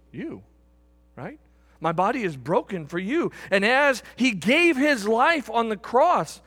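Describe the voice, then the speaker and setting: A man preaching a sermon, swinging from loud bursts to hushed emphasis. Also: high-pitched. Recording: echoey hall with long reverb.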